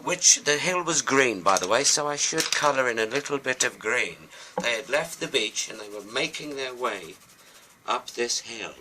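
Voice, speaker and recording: A man's voice: mid-range voice, noisy background. A British man telling a children's story while he draws and colours, with rambling, chatty asides.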